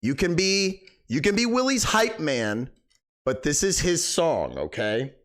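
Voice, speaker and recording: A man's voice: on the high side, very animated, measured pace, a bit bright. A man streaming a game live, chatting casually, rambling and thanking viewers.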